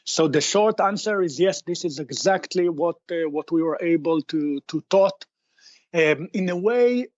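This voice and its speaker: A man's voice: fairly high pitch, lively intonation, a little slow, darkish tone, no echo, highs cut off. A man guest on a podcast interview, explaining his technology patiently, often restarting and repeating words as he searches for phrasing. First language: Hebrew. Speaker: tech company founder guest.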